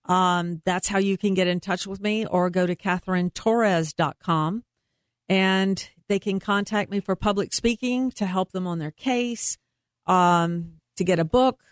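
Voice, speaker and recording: An earnest, emphatic woman speaking as an investigator being interviewed. Her voice sits at an ordinary middle pitch. The sound is dry and close, with no room around it. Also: fairly even intonation, a little slow, dry recording. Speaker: private investigator and guest. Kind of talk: interview conversation.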